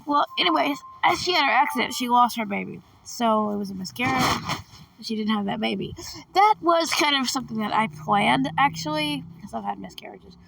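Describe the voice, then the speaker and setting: A woman's voice: a little high, expressive, fairly quick, gravelly, fairly bright tone, far from the mic. A woman with a cold, chatting casually and reading a chatbot game's lines aloud with a laugh. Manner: chatty, laughs often, calls out characters. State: has a cold. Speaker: gaming vlogger.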